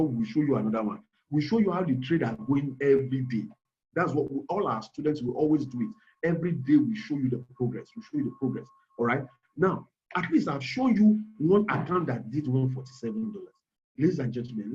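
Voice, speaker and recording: A man's voice: fairly high pitch, darkish tone, highs cut off. A man with a Nigerian accent giving an emphatic online trading webinar, repeating key words and calling out to the audience. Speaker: trading instructor. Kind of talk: webinar sales pitch.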